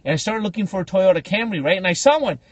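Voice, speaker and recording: Animated husky man telling funny stories. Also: fast, dry recording. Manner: animated, jumps into high squealing voices for quoted people. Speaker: podcast co-host. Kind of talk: comedic storytelling chat.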